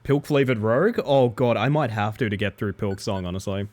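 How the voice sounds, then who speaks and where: A man's voice: lowish voice, a little fast, few pauses, darkish tone. A young man streaming a game, chatting playfully and joking directly with his viewers. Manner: playful, joking, talks straight to chat. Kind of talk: casual live-stream chat while gaming.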